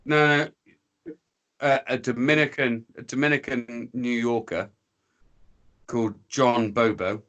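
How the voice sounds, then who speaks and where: A man's voice: mid-range voice, fairly even intonation, a little slow, long pauses, fairly bright tone, muffled recording. English guy, casual podcast storyteller, sweary, mimics the people in his tales. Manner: rambling, sweary, slips into voices for characters. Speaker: podcast guest.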